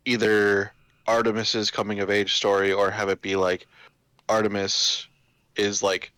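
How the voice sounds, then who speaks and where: Male co-host, lowish voice, casual stop-start talk, dry close mic. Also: flat delivery, a little slow, fairly bright tone, smooth, dry recording. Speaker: podcast co-host. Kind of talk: casual chat.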